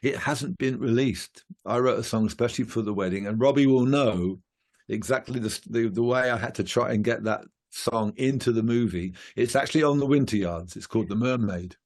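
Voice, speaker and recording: A man's voice: mid-range voice, brisk, darkish tone. A male musician chatting casually in an interview, rambling with many fillers and restarts. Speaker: guest musician.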